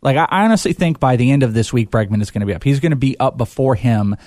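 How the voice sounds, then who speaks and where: A man's voice: medium pitch, fast talker, a little mellow, no echo, studio quality. A man hosting a casual sports chat, rambling and hesitant with lots of fillers. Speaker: podcast host.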